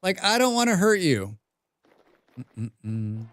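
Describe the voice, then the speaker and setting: A man on a live game stream, chatting loosely with his viewers and reading their messages aloud. His voice sits a little high for a man, and the sound is close and dead, with no room around it. Between remarks he hums and mumbles to himself. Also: sing-song, takes it slowly, fairly bright tone, no room sound. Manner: reads viewer chat aloud and answers with dry, rambling jokes. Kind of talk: casual live-stream chat while playing a survival game.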